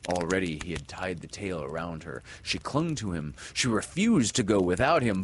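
A man reading a children's story aloud, swelling loud and dropping to hushes with the action. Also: sits low, sing-song, a little slow, slight background noise. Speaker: narrator.

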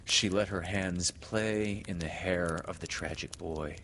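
Slow, expressive low-voiced male storyteller. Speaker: narrator. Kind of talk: audiobook narration. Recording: reverberant room, faint hiss.

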